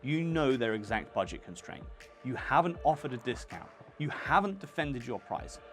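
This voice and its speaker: A man's voice: mid-range voice, animated, moderate pace, soft background music. A man hosting a video lesson for freelancers, talking in a punchy, emphatic, conversational way. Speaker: channel host teaching freelancers.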